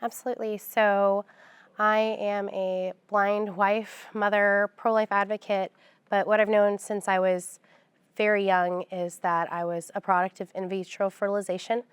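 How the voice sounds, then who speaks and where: Smooth, composed young woman guest. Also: mid-range voice, little pitch movement, measured pace, dry recording. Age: young adult. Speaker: guest, pro-life advocate. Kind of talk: personal testimony in a sit-down conversation.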